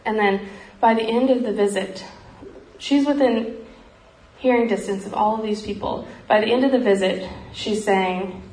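A woman earnestly telling a missionary story in a heartfelt talk, often pausing with "um" and growing emotional. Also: medium pitch, steady tone, a little mellow. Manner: earnest, frequent ums, grows emotional. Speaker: speaker sharing a missionary story. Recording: roomy echo, faint background noise.

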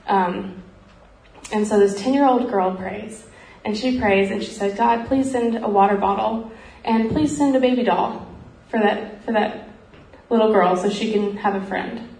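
A woman's voice: mid-range voice, steady tone, moderate pace, a little mellow. Earnest woman telling a story, roomy echo. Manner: earnest, frequent ums, grows emotional. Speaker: speaker sharing a missionary story. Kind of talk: heartfelt storytelling talk. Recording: roomy echo, faint background noise.

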